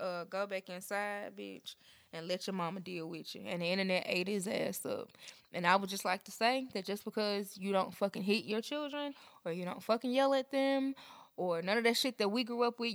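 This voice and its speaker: A young adult woman co-hosting a podcast, talking in a blunt, profane, animated way. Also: medium pitch, normal speed, no room sound, studio quality. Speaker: podcast co-host. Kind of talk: casual chat.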